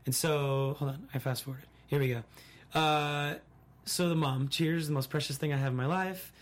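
A woman hosting a casual recap chat, reading out viewer comments and acting out quotes in an animated way. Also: deep voice, normal speed. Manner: animated, acts out quotes from the show. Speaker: podcast host.

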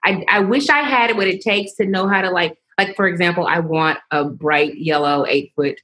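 A woman's voice: on the low side, normal speed, a bit bright. A woman writer, a guest in casual chat, who laughs often as she talks. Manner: laughs often while talking.

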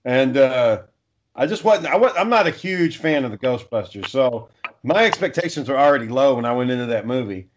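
A man's voice: mid-range voice, animated, a little fast, noisy background. Rambling, cursing man on dull lo-fi audio. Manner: rambling, swears a lot. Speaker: friend in group chat. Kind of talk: casual chat.

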